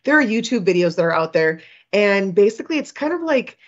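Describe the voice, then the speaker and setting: A woman's voice: mid-range voice, big pitch swings, fairly quick, muffled recording. A woman from Minnesota hosting an interview, chatty and rambling with frequent restarts. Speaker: podcast host. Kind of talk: podcast interview.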